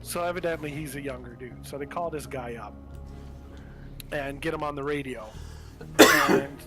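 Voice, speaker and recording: A man's voice: mid-range voice, normal speed. A man hosting a livestream, ranting bluntly in casual chat, full of cursing and restarts. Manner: profane, blunt, rambling with restarts. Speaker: livestream host. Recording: game music playing behind. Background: game music.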